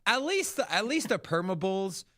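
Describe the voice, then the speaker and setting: A man hosting a crypto livestream, talking casually and excitably, swearing freely. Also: sits high, a little slow, no room sound, clean studio sound. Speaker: crypto show host. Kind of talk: livestream market commentary.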